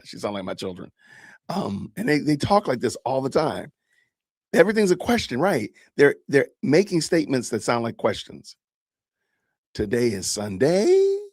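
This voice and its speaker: A male podcast host in his fifties talks in a casual, joking way and chats with his live audience. His pitch swings widely as he reacts. The sound is close and dry, with no room around it. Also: a little mellow, no room sound. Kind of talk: casual commentary on videos.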